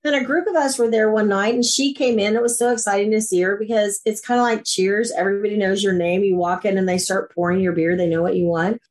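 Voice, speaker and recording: A woman guest on a podcast interview, talking in an enthusiastic, animated storytelling way. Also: mid-range voice, fast talker, hardly any pauses. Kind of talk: casual interview chat.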